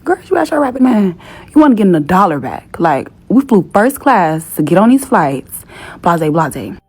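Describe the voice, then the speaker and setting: A woman's voice: on the low side, sing-song, moderate pace, a little mellow, slightly rough. A young woman telling a story in a casual, exasperated rant with plenty of swearing. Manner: profane, exasperated.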